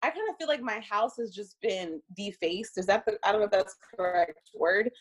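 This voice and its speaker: A young woman casually telling a dating story, animated and profane, laughing often. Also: medium pitch, fairly quick, husky.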